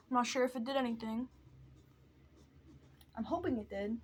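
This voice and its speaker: A woman's voice: a little high, a little hiss or hum. A young adult woman chatting casually while doing her makeup, rambling and mocking herself as she drifts off topic. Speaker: vlogger.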